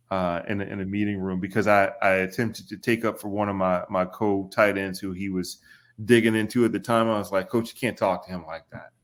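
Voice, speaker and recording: A middle-aged man from Kentucky, telling a story on a podcast. He talks casually at a mid pitch. When he quotes people, his voice jumps up and gets livelier. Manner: animated, acts out quotes with raised voice. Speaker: podcast guest.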